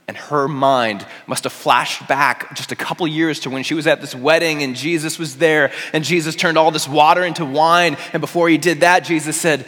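A man preaching a sermon, moving from hushed, quiet passages to impassioned, rising ones. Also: medium pitch, fairly quick. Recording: long hall reverb.

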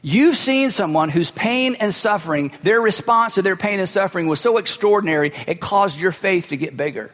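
A man's voice: sits high, animated, moderate pace, hardly any pauses, fairly bright tone. A man preaching a sermon as a pastor, telling stories in a conversational way with humorous asides. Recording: long hall reverb.

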